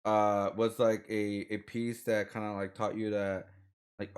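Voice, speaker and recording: A man's voice: lowish voice, level tone, measured pace. A man hosting a casual interview podcast over a call, chatty and repetitive with many fillers. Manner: chatty, repeats words, many likes. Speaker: podcast host. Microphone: remote call audio.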